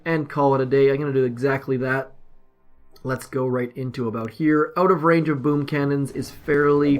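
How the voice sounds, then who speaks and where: A man casually commenting as he plays a mobile strategy game, rambling and self-deprecating. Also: medium pitch. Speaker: mobile game video host.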